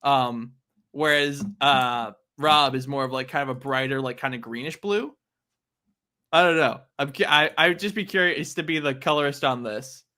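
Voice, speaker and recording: A man's voice: mid-range voice, moderate pace, bright, forceful tone. A man hosting a casual comic-book chat, laughing often as he retells scenes. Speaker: podcast host.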